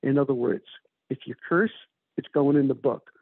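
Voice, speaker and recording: An author, appearing as an interview guest, tells stories loosely and ramblingly with many fillers. His medium-pitched voice moves at a normal speed with no room sound, over a tinny, phone-like remote call.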